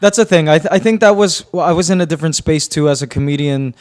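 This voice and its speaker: Easygoing male comedian guest from Canada, slightly raised pitch. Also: quick pace, darkish tone. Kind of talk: casual chat.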